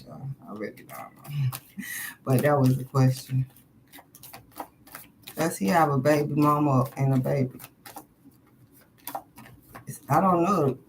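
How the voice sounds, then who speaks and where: A woman's voice: sits low, a little hiss or hum, poor audio. Blunt, foul-mouthed woman reading tarot live. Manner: profane, blunt and chatty with viewers; laughs often between questions. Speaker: tarot card reader. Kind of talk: casual live-stream chat.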